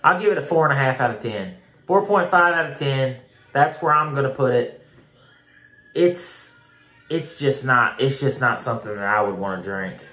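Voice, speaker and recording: A man talks straight to his viewers in a casual review. He is blunt and emphatic, repeats words and swears freely. His voice sits at a middle pitch, and the room around him rings with echo. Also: animated, moderate pace, bright, forceful tone. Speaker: beer reviewer. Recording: echoey room.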